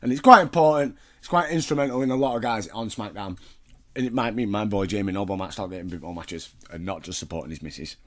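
A man's voice: on the low side, quick pace. A man casually recapping a wrestling show, chatty and wry, swearing freely. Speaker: podcast host recapping wrestling.

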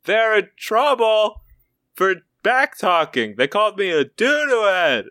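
A man's voice: high voice, sing-song, unhurried, pushed and bright, dry recording, studio quality, voice pushed up, exaggerated voice. A man voicing a pompous rich father who blusters and complains in a comedy podcast bit. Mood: yelling.

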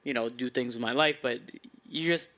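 A man's voice: mid-range voice, normal speed, pushed and bright. A man hosting a podcast, laid-back and agreeable in casual chat, recounting a trip. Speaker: podcast host.

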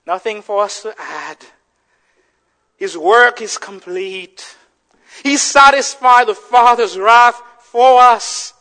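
A man preaching a sermon with passion, rising to shouts and dropping to hushed, quiet lines. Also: high voice, takes it slowly. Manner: impassioned preaching, swinging from shouts to hushed tones. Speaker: pastor.

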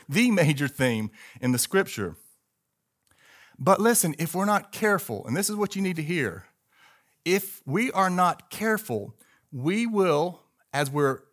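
A middle-aged male pastor preaching a sermon emphatically, calling on the congregation to repeat words with him. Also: a little high.

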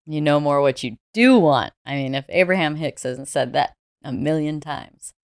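A woman from the United States talks as an interview guest, recounting her experiences in a candid, reflective way. Her voice is low and smooth, and it sounds dry and close with no room echo. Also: expressive, moderate pace. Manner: reflective, candid, laughs easily. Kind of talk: conversational storytelling.

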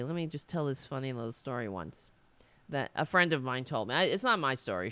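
Person ranting sarcastically into a desk mic at home, voice swinging up and down a lot, smooth and clear, dry close sound. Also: medium pitch, no echo. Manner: animated, sarcastic, with many restarts. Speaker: political commentary streamer. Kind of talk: ranting casual commentary to camera. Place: home in New York. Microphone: desk mic with webcam.

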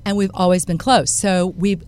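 A woman's voice: fairly low pitch, fairly even intonation, normal speed, a little mellow. A woman from Texas, a podcast guest speaking frankly in casual conversation. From Harlingen, Texas. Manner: frank and laughing.

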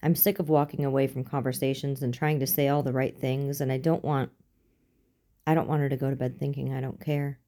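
A woman's voice: very deep voice, flat delivery, brisk, dark tone. A woman voicing a stubborn, impatient middle-aged male detective who talks bluntly, in an audiobook. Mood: determined.

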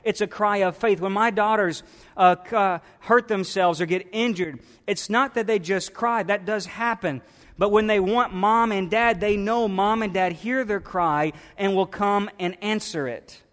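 Male pastor, high voice, fervent sermon, echoing church hall. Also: measured pace. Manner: builds from soft reflection to loud fervent preaching. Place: church sanctuary.

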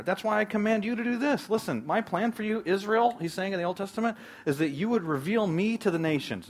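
Male pastor, brisk sermon delivery, emphatic with hushed asides, mid-range voice. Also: mid-range voice. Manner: emphatic, swings between loud preaching and hushed asides.

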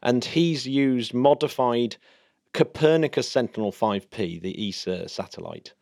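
A man's voice: mid-range voice, a little slow, gravelly, a little mellow, no room sound, studio quality. A man co-hosting a podcast in casual, enthusiastic, jokey chat. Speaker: podcast co-host.

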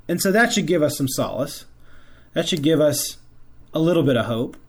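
A man hosting a Catholic show, talking earnestly to fathers in a preaching style and repeating phrases for emphasis. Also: mid-range voice. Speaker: host of a Catholic faith show.

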